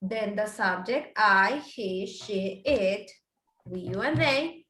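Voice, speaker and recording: Bright-voiced woman teaching English grammar. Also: medium pitch, slow, roomy sound, rough recording. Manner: explains step by step with examples. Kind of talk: online grammar lesson.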